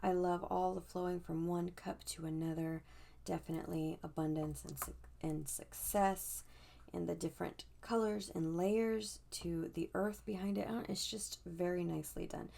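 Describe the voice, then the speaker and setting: A woman's voice: fairly low pitch, fairly even intonation, a little slow, creaky, dark tone, a little hiss or hum. A woman tarot reader chatting casually as she reviews a deck, musing aloud and often restarting her sentences. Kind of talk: casual chat.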